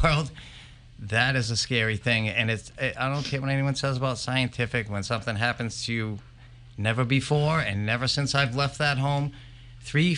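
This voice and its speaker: Bright-voiced man telling ghost stories. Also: medium pitch. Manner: animated, emphatic storyteller. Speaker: paranormal investigator guest. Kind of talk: live podcast interview, storytelling.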